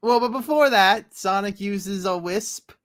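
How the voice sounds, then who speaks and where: A co-host in a casual comics chat, talking in a relaxed, halting way with "uh" and "um". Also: mid-range voice, no echo, studio quality.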